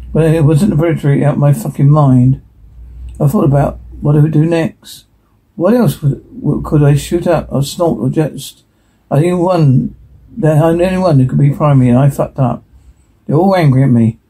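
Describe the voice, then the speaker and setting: A man's voice: fairly high pitch, dark tone, breathy edge, poor audio. A man reading a TV episode transcript aloud, running the dialogue and stage directions together in a plain reading. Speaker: transcript reader.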